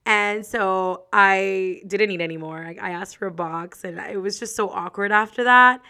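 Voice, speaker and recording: Chatty woman host with a gravelly voice. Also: medium pitch, moderate pace. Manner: expressive, chatty, laughs often, many fillers. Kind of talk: casual personal storytelling.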